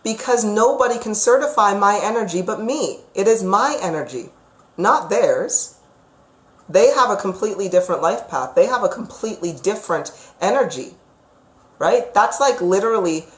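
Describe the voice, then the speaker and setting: A woman giving psychic readings on a live stream, chatty and emphatic, sometimes ranting. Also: mid-range voice. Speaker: psychic reader. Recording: echoey room.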